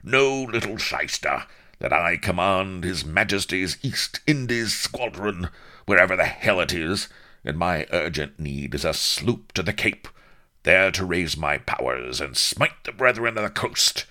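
Man playing a raging old sea admiral, storybook villain-ish, booming, swinging wildly in pitch, cursing with archaic oaths. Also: animated, unhurried, bright, forceful tone, full character voice. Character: blustering furious old naval admiral.

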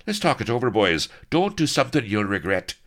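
A man's voice: medium pitch, wildly swooping pitch, normal speed, fairly bright tone, voice pushed up. A man voicing a shifty colonel who wheedles and pleads with his captors to save himself. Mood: coaxing. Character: shifty, wheedling male colonel, pirate captive.

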